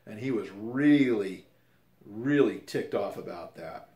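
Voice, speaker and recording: A man's voice: on the low side, animated, slow pace, dark tone. Rambling grandfatherly man in a roomy space. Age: 50s. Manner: rambling, self-correcting, conversational. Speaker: storyteller. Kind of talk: casual personal storytelling. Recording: roomy echo.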